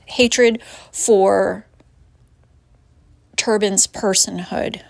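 A woman telling a personal story in a halting, reflective way, sighing and pausing with hesitant fillers. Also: mid-range voice, steady tone, gravelly, no room sound.

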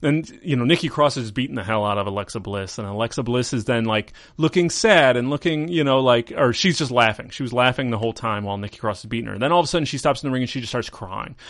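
A man's voice: medium pitch, fast, few pauses, a bit bright, dry recording, clean studio sound. A man hosting a podcast, chatting casually through a recap in a rambling, amused way and correcting himself as he goes. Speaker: podcast host. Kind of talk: casual wrestling recap chat.

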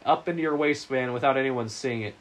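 A young man co-hosting a casual podcast, rambling and joking crudely, his voice a little rough from being sick. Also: medium pitch, fairly quick. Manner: joking, rambling, laughs often. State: sick, husky voice. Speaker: podcast co-host.

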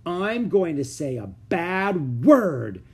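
A man reading aloud and voicing Ramona, an angry, defiant little schoolgirl who shouts and stamps her foot. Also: a little high, expressive, unhurried, slightly rough, voice pushed up, exaggerated voice. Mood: furious.

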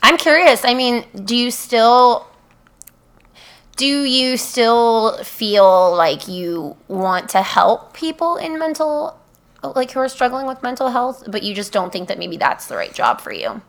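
A woman hosting a casual chat, reacting warmly and asking long, rambling questions. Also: on the high side, animated, a little slow. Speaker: host.

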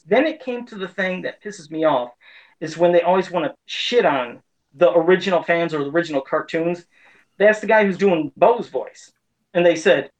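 A man's voice: fairly high pitch, moderate pace, rough recording. A man in his forties giving a casual, heated opinion rant as a pop culture commentator, indignant and frustrated.

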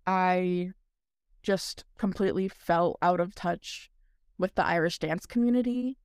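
A woman's voice: on the low side, measured pace, darkish tone, smooth, no room sound, studio quality. A young woman co-hosting a podcast, telling her story in casual chat with lots of filler words and a laugh here and there. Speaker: podcast co-host.

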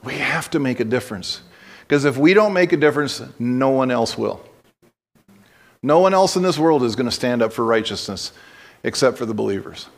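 A man's voice: medium pitch, animated, normal speed. A man preaching a sermon as pastor, telling stories conversationally and breaking into blunt exhortations, with frequent restarts.

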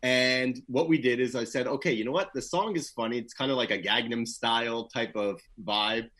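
A man's voice: medium pitch, normal speed, a bit bright. A man talking casually as an interview guest about his public relations work, laid-back and full of "you know" fillers, livening up when he tells a story. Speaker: guest, PR professional.

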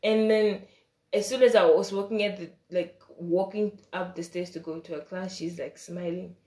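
A woman's voice: fairly low pitch, steady tone, moderate pace, dark tone. A young woman, a student, telling a storytime vlog in a casual, blunt way, slipping into the voices of the people she quotes. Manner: casual and blunt, with slang and swearing.

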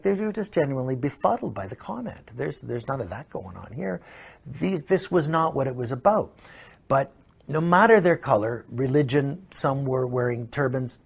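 A man's voice: medium pitch, gravelly, breathy edge. A man, telling anecdotes in a casual, wry way with frequent restarts. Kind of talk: casual storytelling.

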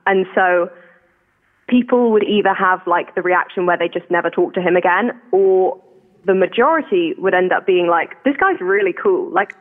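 A woman's voice: fairly low pitch, moderate pace. Posh english woman calling in, tinny phone sound, chatty, laughs at herself a lot. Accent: posh southern English. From England. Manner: chatty, laughs often, self-deprecating. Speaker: caller. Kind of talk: casual chat.

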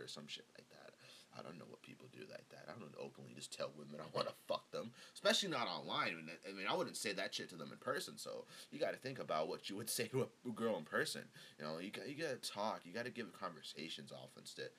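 A man's voice: sits low, very animated, fast, pushed and bright, a little hiss or hum. A man hosting his own show, chatting casually in a rambling, profane, joking way while drinking beer. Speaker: podcast host. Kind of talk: casual solo chat.

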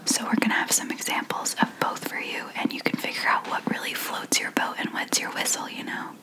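A woman's voice: brisk, low-quality recording. Whispering young woman with a slight lisp. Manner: giggly, stumbling over words. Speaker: podcast co-host. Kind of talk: whispered podcast chat.

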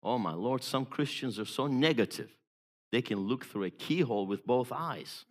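A man preaching a sermon as an evangelist, emphatic, moving between hushed storytelling and loud exhortation. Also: mid-range voice, lively intonation, moderate pace.

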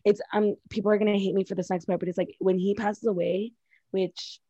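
A woman of Mexican heritage co-hosts a podcast. She talks candidly, swears freely and tells stories with energy. Her voice is mellow and the sound is dry. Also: medium pitch, fairly quick, slightly rough, no echo, lo-fi sound. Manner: candid, profane, animated storytelling. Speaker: podcast co-host. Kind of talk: casual chat.

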